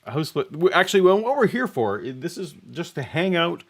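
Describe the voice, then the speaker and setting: A man co-hosting a casual livestream chat, talking in a relaxed, hesitant way and laughing now and then. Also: a little high, fairly quick. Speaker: co-host.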